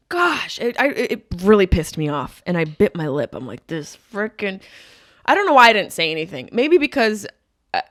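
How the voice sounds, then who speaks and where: A woman in her thirties hosting a podcast, riffing through a profane, animated comedic monologue. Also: fairly low pitch, no echo, studio quality. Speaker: podcast host.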